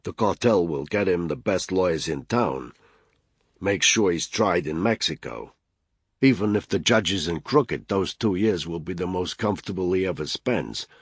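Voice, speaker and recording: A cool, guarded intelligence officer, as a male narrator puts him on. He speaks quietly and deliberately, sinking into a very low, husky register. The recording is dry and close. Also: dry recording. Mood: calm, guarded. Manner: quiet, measured, lecturing.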